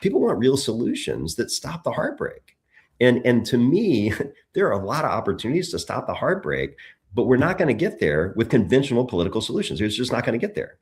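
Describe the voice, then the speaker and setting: A man's voice: medium pitch, a little fast. Middle-aged guy running for office, tells stories, voice goes up and down a lot, keeps restarting himself. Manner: animated storytelling, frequent restarts. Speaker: political candidate as guest. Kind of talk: conversational interview.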